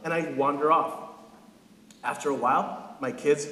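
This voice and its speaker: A man's voice: on the high side, normal speed, sharp tone. A man in his thirties preaching a casual, joking sermon as a pastor, often checking in with his listeners. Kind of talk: conversational sermon. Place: church sanctuary. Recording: echoey hall with long reverb.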